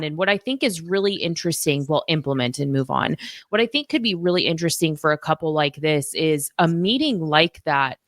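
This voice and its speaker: A woman's voice: sits low, no room sound, clean studio sound. A woman co-hosting a podcast as a financial planner, speaking in a thoughtful, advisory way. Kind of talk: casual chat.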